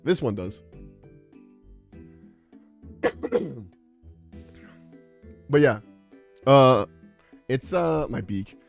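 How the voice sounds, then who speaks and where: A man's voice: medium pitch, lively intonation, drawn-out words, creaky, long pauses, faint music behind. A young adult man streaming, chatting casually in a rambling, exasperated, profane way. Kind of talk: casual livestream chat.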